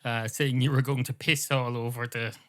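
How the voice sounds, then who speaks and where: A man's voice: mid-range voice, steady tone, moderate pace, close to an everyday voice. A man voicing a fussy male talking cat who questions everything, in a comic story. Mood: complaining. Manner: questioning, a bit peevish.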